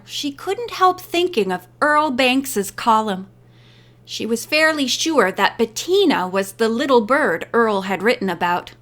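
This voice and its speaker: A woman narrating a teen mystery audiobook in a measured reading. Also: high voice, a bit bright. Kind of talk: scripted narration.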